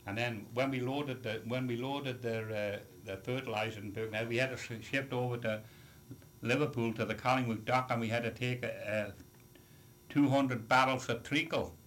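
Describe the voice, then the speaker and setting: A man's voice: mid-range voice, steady tone, moderate pace, a bit bright, slight background noise. An older man, a retired sailor telling a long seafaring story in an oral history interview, rambling with many restarts and "you see" asides.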